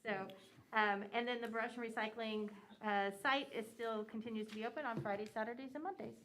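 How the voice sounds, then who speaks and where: A woman's voice: a little high, fairly even intonation, brisk, fairly bright tone, slight background noise, low-quality recording. A woman city commissioner giving a council meeting report, rambling with many fillers.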